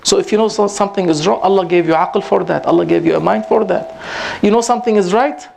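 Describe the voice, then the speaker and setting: A man giving an informal religious talk to a gathering, rising in pitch for emphasis and mixing in Arabic phrases. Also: fast, creaky, a little mellow, slight background noise. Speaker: Sufi teacher giving a talk. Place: prayer hall at a community gathering.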